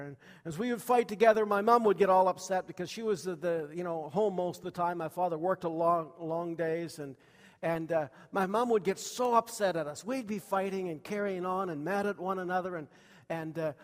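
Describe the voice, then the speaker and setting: Guy preaching, folksy storyteller, lots of uh's, asks the crowd stuff, echoey church hall. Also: on the high side. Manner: folksy, many fillers, asks the congregation questions. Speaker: pastor. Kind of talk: sermon with personal stories.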